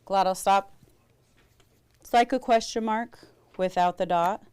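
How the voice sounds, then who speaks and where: A woman teaching a language class, slowly modeling vowel sounds and asking students questions. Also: medium pitch, darkish tone, smooth.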